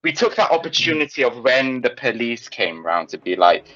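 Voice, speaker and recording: A young man telling a casual anecdote in an animated way, swearing freely and often restarting his sentences. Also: mid-range voice, moderate pace, a little hiss or hum. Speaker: storyteller. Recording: dull, lo-fi, dry sound.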